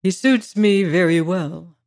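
A narrator doing a calm, detached gentleman. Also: mid-range voice, takes it slowly. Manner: detached and thoughtful.

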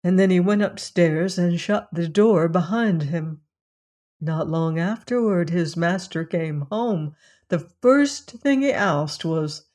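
A storyteller reading a fairy tale aloud in a slow, measured manner. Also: medium pitch, darkish tone.

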